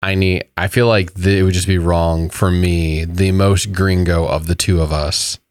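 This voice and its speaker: Deep-voiced self-deprecating man co-hosting. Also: fairly even intonation, normal speed, dry recording, clean studio sound. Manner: self-deprecating, stumbles over words. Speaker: podcast co-host. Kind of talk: casual chat.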